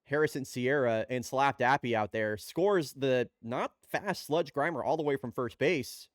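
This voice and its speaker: A man hosts and calls play-by-play for a fake baseball game, chatting casually as he rattles off the action. His medium-pitched voice is unhurried, recorded with clean studio sound and no echo.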